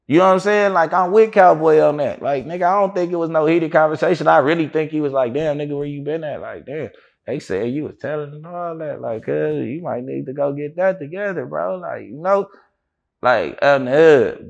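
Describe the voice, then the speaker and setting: A man being interviewed, telling a story in an animated way with heavy slang, acting out what others said. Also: mid-range voice. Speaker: interview guest.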